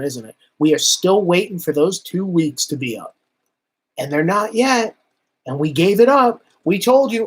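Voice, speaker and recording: A man hosting a livestream, delivering a heated, profane political rant with sarcasm and reading viewer comments. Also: high-pitched. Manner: heated, swearing, sarcastic, animated.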